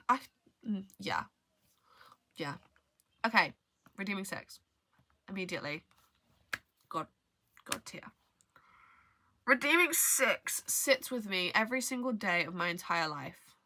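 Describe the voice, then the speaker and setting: Young female book vlogger, casual and rambling, bright voice, dry close sound. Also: medium pitch, dry recording. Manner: rambling, trails off, hesitant restarts. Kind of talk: casual book review chat.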